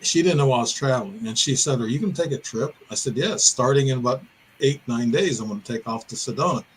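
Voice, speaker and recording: This older Illinois man, a guest on a podcast, is expressive and fast as he recounts a personal encounter in his mid-range voice. His telling is detailed and meandering, full of self-corrections, and the rough audio has a slight hiss or hum.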